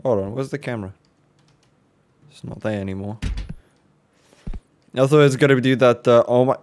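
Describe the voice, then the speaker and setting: A man casually commenting while playing a horror game, joking, reacting fast and swearing now and then. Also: medium pitch, darkish tone. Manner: jokey, swears, quick reactions. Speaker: let's play host.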